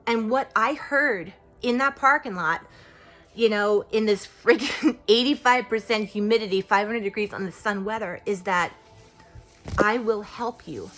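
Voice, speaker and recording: A woman's voice: mid-range voice, normal speed, fairly bright tone, faint music behind. A woman who owns a witchcraft shop, talking in a casual vlog with enthusiastic, rambling speech full of fillers.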